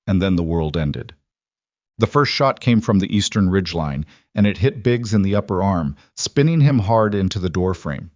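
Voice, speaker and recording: A man narrating a military thriller story in a steady, dramatic storytelling style, in a dry, slightly muffled recording. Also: low-pitched, normal speed, no echo. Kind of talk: scripted narration.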